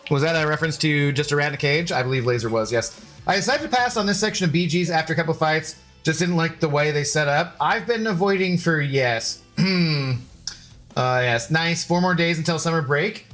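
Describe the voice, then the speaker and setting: A man's voice: fairly high pitch, fairly quick, fairly bright tone, soft background music. A man streaming video games, chatting playfully with his dog and his viewers. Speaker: game streamer. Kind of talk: casual live-stream chat.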